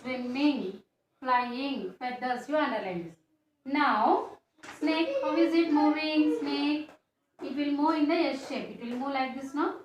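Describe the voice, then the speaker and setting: A woman teacher, explaining a science lesson to children slowly and repetitively, often ending with a questioning "no?". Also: high voice. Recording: echoey room, faint background noise.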